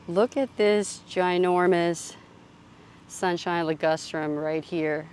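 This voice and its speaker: Slow, chatty woman touring her garden. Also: lowish voice, a little mellow, a little hiss or hum. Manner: slow, chatty, thinking aloud with fillers. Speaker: gardening vlogger. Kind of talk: casual garden tour narration. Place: outdoor garden.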